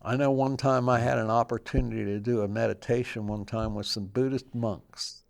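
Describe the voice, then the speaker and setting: A man's voice: mid-range voice, steady tone, moderate pace, vocal fry. An older man, a guest in an interview, telling his personal story in a plain-spoken, reflective way.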